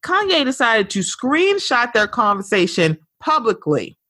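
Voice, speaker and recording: Woman podcast host, casual and outspoken, swears freely; lively pitch, dry close-miked sound. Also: measured pace, dry recording. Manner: animated, blunt, swears freely. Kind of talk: casual pop culture commentary.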